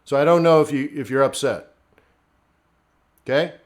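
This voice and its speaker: A man's voice: medium pitch, moderate pace. A middle-aged man hosting a live trading stream, talking bluntly and conversationally as he answers viewers by name. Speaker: forex trading livestream host.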